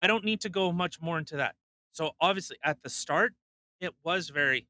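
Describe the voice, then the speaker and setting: A young man co-hosting a podcast, ranting bluntly in casual chat, swearing and mocking people with quick impressions. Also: on the high side, sharp tone. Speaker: podcast co-host.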